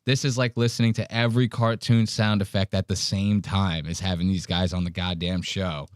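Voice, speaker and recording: A man's voice: deep voice, steady tone, normal speed, clear, resonant tone, no echo, studio quality. Profane man riffing on a clip. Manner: profane, mimics people in the clip. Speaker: podcast host. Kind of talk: casual reaction commentary.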